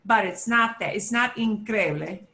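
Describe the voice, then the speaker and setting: A woman teaching a beginner Spanish class, slowly sounding out each word for her students to repeat. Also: fairly high pitch, animated, bright, forceful tone. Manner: slow, drawn-out modeling of words for students to repeat. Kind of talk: beginner language lesson.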